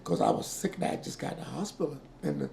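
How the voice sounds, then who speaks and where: A man in his sixties being interviewed, telling a painful family story with quoted dialogue and halting repeats. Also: a little high, creaky, dark tone. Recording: echoey room with faint noise.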